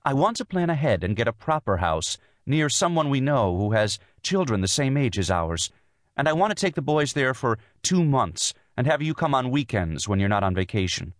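A man's voice: mid-range voice, sing-song, normal speed, dry recording, clean studio sound, voice pushed up, natural voice. A man narrating an audiobook voices a tense young wife and mother, earnest and insistent as she pleads her case. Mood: earnest, pleading. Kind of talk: audiobook dialogue.

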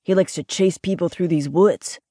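A woman voicing a fearless, thrill-seeking young man in an audiobook, talking in a hushed, conspiratorial way. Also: fairly low pitch, moderate pace, no echo, studio quality, close to an everyday voice. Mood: ominous. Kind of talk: audiobook character voice.

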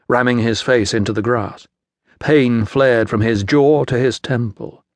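A male audiobook narrator reads a historical novel in a measured, steady manner. His voice sits at a middle pitch, recorded dry and close in a studio. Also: no room sound. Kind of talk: scripted narration.

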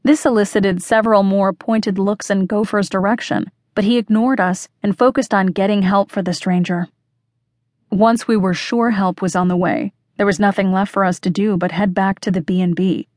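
A woman's voice: mid-range voice, no room sound. Woman narrating a mystery audiobook, dry close sound. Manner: measured, expressive reading. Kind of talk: first-person audiobook narration.

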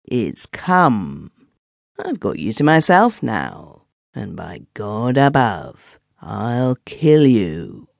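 A man's voice: medium pitch, huge pitch swings, creaky, dry recording, heavily acted. A man reading aloud voices a vengeful, hateful male lighthouse keeper in an audiobook. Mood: murderous. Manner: threatening, hateful, slow and deliberate.

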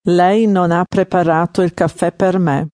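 Voice reading out model answers, each one twice, clear and even, dry studio sound. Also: medium pitch, normal speed, no echo. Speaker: native speaker giving model answers. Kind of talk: slow repeated example phrases.

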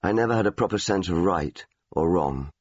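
Low, husky older English memoir reader. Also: male voice, lively intonation, fairly quick, no room sound. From England. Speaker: memoir narrator. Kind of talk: audiobook memoir reading. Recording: dull, dry studio recording.

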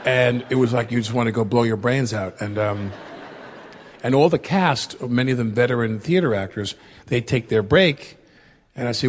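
A man in his fifties with a raspy voice, talking candidly and rambling a little as a guest in a studio interview. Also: mid-range voice, normal speed. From United States. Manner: rambling, many fillers and self-corrections. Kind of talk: candid conversational storytelling.

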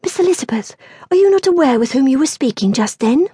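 Storybook figure: woman doing a fluttery young maid, pitched well up, eager and apologetic. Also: expressive, quick pace, warm tone, no echo, clean studio sound. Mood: eager, anxious. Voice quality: high, breathless.

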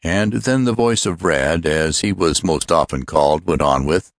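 A male audiobook narrator with a very deep voice, reading in a measured storytelling way. The sound is dry and close, with no room around it. He tells the story steadily for young listeners. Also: no echo. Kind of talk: scripted narration.

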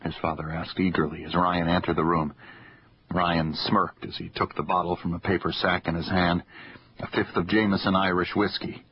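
A man narrating a suspense novel in a measured, even storytelling manner. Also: low-pitched, highs cut off, slight background noise. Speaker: audiobook narrator. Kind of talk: scripted narration.

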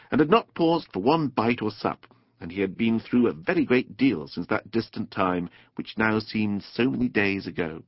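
A man narrating a children's storybook audiobook in an expressive, playful, animated way. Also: fairly low pitch, dry recording. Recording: dull dry studio recording.

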